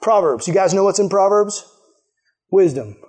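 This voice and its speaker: A man preaching a casual sermon, telling a story and acting out quotes in lively put-on voices. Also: high voice, normal speed. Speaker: pastor.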